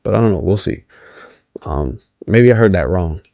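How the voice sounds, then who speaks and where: A man's voice: low-pitched, expressive, moderate pace, creaky, no echo, dull audio. A man casually recapping a wrestling show, rambling with many ums, restarts and questions to viewers. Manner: rambling, hesitant, many ums and self-corrections; asks viewers to comment.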